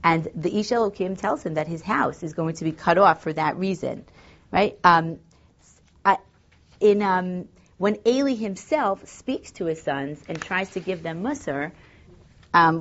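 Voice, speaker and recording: A woman's voice: on the low side, normal speed, lo-fi sound. A woman teaching a text study class, thinking aloud with fillers and reading Hebrew verses. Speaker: Torah teacher.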